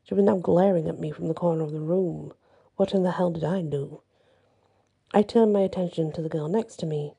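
Husky dark-voiced woman reading horror. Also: lowish voice, a little fast. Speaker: story narrator. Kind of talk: first-person horror story reading.

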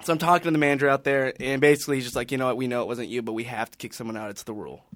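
A man's voice: mid-range voice, racing, a bit bright, no echo, studio quality. A man on a podcast panel telling a long story in casual chat, rambling with many restarts and fillers.

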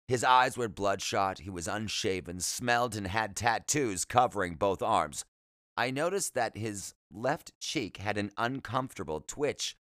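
A man narrating his childhood memoir in a plain, unhurried storytelling manner. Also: on the low side, fairly bright tone, clear, resonant tone, no room sound, studio quality. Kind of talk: reading a memoir aloud.

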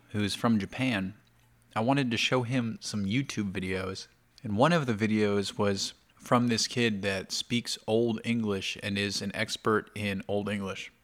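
A man's voice: lowish voice, fairly bright tone. A man chatting casually to camera for his video blog, talking between bites of food. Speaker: video blogger.

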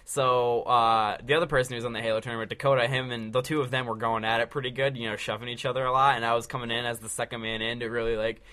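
Teen boy, bright tone, rambling chatty storyteller, casual podcast. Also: medium pitch, flat delivery, fast, hardly any pauses. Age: teens.

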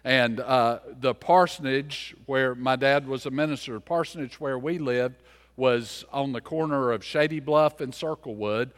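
A man in his fifties from the mountains, a pastor telling a folksy sermon story, swinging from loud to hushed. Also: mid-range voice, unhurried, long reverb tail. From US mountains, later Charlotte.

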